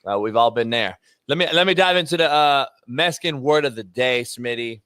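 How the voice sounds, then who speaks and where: A man's voice: medium pitch, brisk, a bit bright, smooth, no echo. A middle-aged man hosting a sports talk show, talking in a loose, rambling, profane way.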